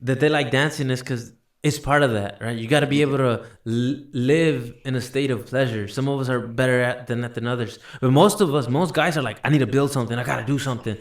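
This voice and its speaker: A man hosting a casual podcast chat, talking excitedly, restarting and repeating words, calling people bro. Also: medium pitch, fairly quick, hardly any pauses. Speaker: podcast host.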